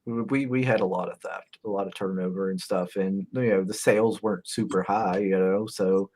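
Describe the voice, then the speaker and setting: A man's voice: fairly even intonation, normal speed, a little mellow, slight background noise. A man telling stories as a guest in a casual podcast chat, laughing often. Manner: laughs often, rises high when acting out stories.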